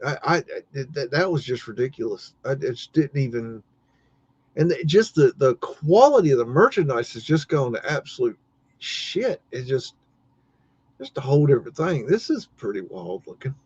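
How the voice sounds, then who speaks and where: A man's voice: mid-range voice, big pitch swings, normal speed, darkish tone, husky. A man hosting a live stream, telling a rambling story full of cursing and restarts, sounding exasperated. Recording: dull lo-fi dry sound.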